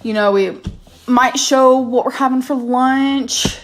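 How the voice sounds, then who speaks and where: A woman's voice: sits high, slow. A woman in her thirties ranting angrily to camera in a vlog, swearing and stressing her words. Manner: angry, profane, emphatic rant. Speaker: YouTuber.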